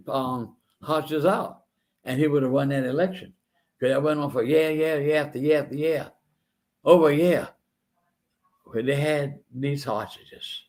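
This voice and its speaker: Rambling older man hosting a talk show. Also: a little high. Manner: rambling, repeats words, earnest storytelling. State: feeling unwell. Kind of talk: casual monologue.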